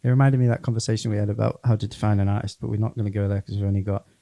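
Gravelly man hosting casual chat. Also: lowish voice, fairly even intonation, dark tone, no echo. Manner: playful, quick rapid-fire questions. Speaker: radio host.

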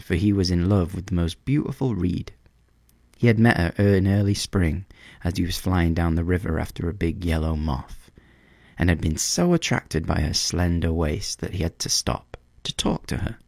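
A man reading a storybook aloud in a measured, expressive way. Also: deep voice, no echo, studio quality.

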